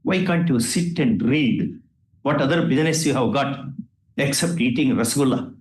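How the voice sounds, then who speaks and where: Speaking at a medium pitch and normal speed, a man with an Indian English accent addresses the lawyers from the judge's bench. He lectures and rebukes them with rhetorical questions, his words echoing through a roomy courtroom.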